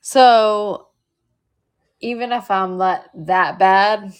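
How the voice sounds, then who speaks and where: A woman's voice: mid-range voice, fairly even intonation, very slow, clear, resonant tone. A woman on a casual podcast, talking in a laid-back way with lots of filler words. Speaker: podcast guest. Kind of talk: casual chat.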